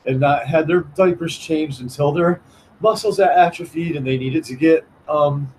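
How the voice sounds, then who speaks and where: A man's voice: fairly high pitch, moderate pace, a little mellow, slight background noise, low-quality recording. A man telling a personal story in a casual monologue, rambling with many restarts and acting out what others said. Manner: rambling, many restarts, acts out quoted voices. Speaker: vlogger.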